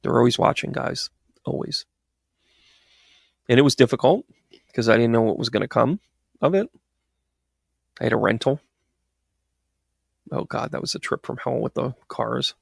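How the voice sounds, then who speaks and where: A man with a gravelly, creaky voice tells a story in a loose, meandering way. He wanders off topic and trips over his words as he goes. The sound is dry and close, with no room echo. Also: medium pitch, moderate pace, pauses often. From United States. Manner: rambling and digressive, restarts, laughs at his own story. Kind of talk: casual storytelling monologue.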